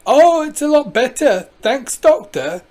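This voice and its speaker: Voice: sits high, very animated, unhurried, a little mellow, pitched above the performer's own voice. A storybook reader voicing an eager, clumsy young farmer with a hearty manner.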